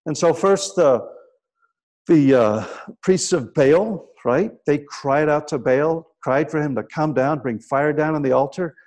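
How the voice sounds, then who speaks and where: Guy preaching, kinda high voice, tells bible stories, keeps asking "right?". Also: a little slow. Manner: storytelling preaching, dropping to a hushed voice for quiet moments; frequent "right?" asides to the congregation. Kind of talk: sermon.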